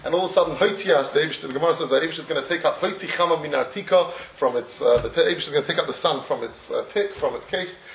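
Speaking fast with few pauses, a Torah teacher whose voice sits on the high side lectures and tells lively stories, often restarting and chuckling. His distant mic in an echoey room adds faint ambience along with a little hiss or hum.

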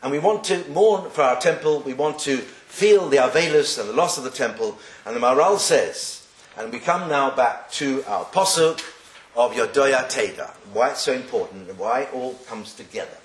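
A man's voice: mid-range voice, expressive, moderate pace. A man teaching a class on Jewish texts, joking and putting rhetorical questions to his students. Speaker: Torah teacher. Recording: echoey room.

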